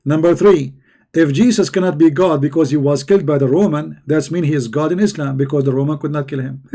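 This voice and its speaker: Man, debate host, mocking and combative, slightly high voice, dark mellow tone. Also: brisk, gravelly. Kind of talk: live online debate commentary.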